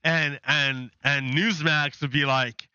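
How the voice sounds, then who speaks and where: A man's voice: fairly high pitch, steady tone, slow, bright, forceful tone, smooth, dry recording, highs cut off. A man giving chatty, sarcastic commentary while playing a game, often restarting sentences. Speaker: gaming channel host.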